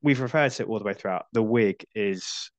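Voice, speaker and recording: Middle-aged male host, lower register, loose chatty delivery, dead-dry recording. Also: fairly quick, dry recording. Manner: chatty, thinks aloud with restarts. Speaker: podcast host. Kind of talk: casual film discussion chat.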